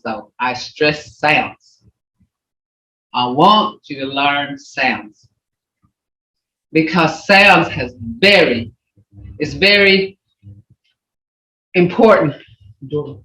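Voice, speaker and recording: A language teacher on a video call who repeats words and swoops the pitch to show tones. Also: animated, very slow, long pauses, sharp tone. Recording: roomy, dull lo-fi video call audio.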